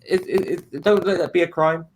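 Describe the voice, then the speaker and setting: A man's voice: a little high, steady tone, normal speed, darkish tone. A man in a casual podcast chat, speaking defensively and swearing freely.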